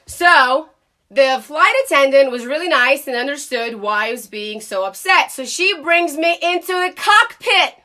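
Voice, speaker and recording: A woman vlogger retells a personal story in a casual, animated voice that sits high in her range. Her tone is bright and sharp-edged, and she speaks bluntly, dropping the odd swear word. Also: a little slow.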